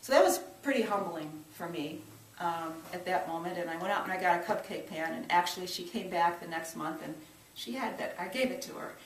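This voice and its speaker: A woman's voice: lowish voice, expressive, a little fast, a little hiss or hum. Earnest woman telling a church story. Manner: earnest, reflective, with many restarts and emphatic rises. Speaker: church social service minister. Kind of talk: personal storytelling testimony. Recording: roomy sound from a distance, faint ambience.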